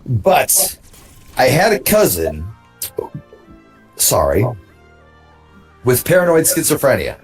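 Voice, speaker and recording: A man's voice: mid-range voice, huge pitch swings, takes it slowly, pauses often, breathy edge, faint music behind. A tipsy man with hiccups, chatting casually as a co-commentator on a game stream, rambling and restarting his sentences. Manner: rambling, self-interrupting storyteller. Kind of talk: casual banter over gameplay.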